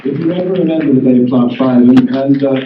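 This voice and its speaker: A man's voice: medium pitch, fairly quick, a little hiss or hum. An English man, a guest singer-songwriter, chatting wryly with a convention crowd between songs and mocking himself. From England. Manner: wry, self-mocking, laughs at himself. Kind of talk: chatty stage patter between songs with guitar. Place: convention hall stage. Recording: roomy, distant, dull old tape of hall. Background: guitar playing.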